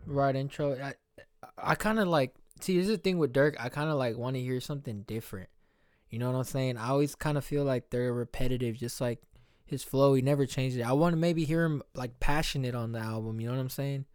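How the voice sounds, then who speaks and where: Smooth-voiced man rambling casually. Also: mid-range voice, a little fast, a little mellow, no echo, clean studio sound. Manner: loose, rambling, heavy use of "like" and "you know what I'm saying". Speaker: podcast host reacting to an album. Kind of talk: casual reaction chat.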